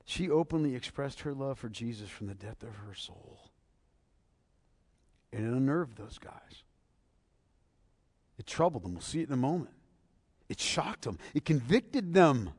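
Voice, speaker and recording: A male pastor preaching a sermon, moving from hushed near-whispers to loud, emphatic passages full of rhetorical questions. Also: medium pitch, animated, moderate pace, pauses often, breathy edge, no room sound.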